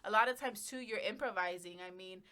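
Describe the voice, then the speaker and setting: A woman's voice: medium pitch, brisk, sharp tone. A woman journalist speaking as a guest on a casual podcast, chatty and rambling, with many fillers and laughs. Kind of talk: casual interview chat.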